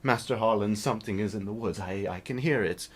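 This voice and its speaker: A meek, nervous orc in a tabletop game, as a man puts him on. His voice is raised far above the performer's low register. He stammers softly, as if afraid of the dark woods. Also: brisk, close to an everyday voice. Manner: meek, hesitant. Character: timid-voiced orc guard, adult man.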